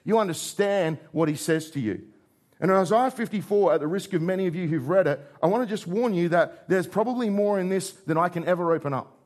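A man preaching a sermon as pastor, moving between raised, emphatic lines and low, quiet ones. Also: a little fast.

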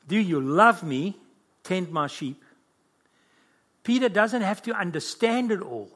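A man preaching a sermon with fervent, emotional delivery. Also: high-pitched.

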